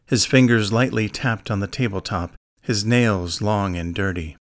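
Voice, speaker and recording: A man narrating a crime story in a steady, measured scripted reading. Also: fairly low pitch, dry recording, studio quality. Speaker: audiobook narrator.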